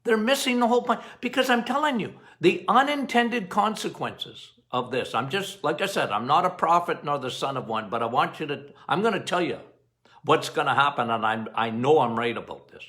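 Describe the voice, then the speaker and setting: A middle-aged man, a doctor hosting a health podcast, talking straight to his listeners in an animated way, going off on tangents and repeating phrases for emphasis. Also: a little high, moderate pace. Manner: animated, talks straight to listeners, quotes patients in playful voices.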